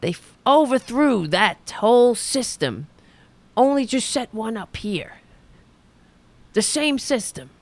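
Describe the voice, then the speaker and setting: A woman hosting a political comedy podcast, speaking in a sardonic, lecturing way. Her voice sits fairly high and she talks slowly and deliberately. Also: sing-song, no echo. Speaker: podcast host.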